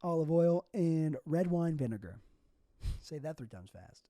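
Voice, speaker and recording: A man's voice: on the high side, expressive, unhurried, dark tone, no room sound. A young man hosting a solo comedy podcast, rambling through goofy, absurd tangents. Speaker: podcast host.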